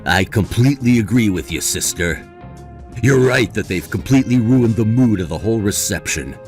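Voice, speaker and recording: A man plays a young man in a dramatized story, mocking and dismissive one moment, sympathetic the next. His voice moves around a lot in pitch. Light background music plays under the dialogue. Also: expressive, moderate pace, darkish tone. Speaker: voice actor in a story video. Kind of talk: scripted voice acting.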